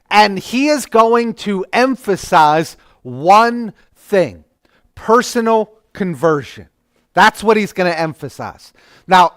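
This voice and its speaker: A man's voice: sits high, fairly bright tone, smooth, no echo, clean studio sound. A man teaching an adult church class in a conversational lecture, often restarting his sentences.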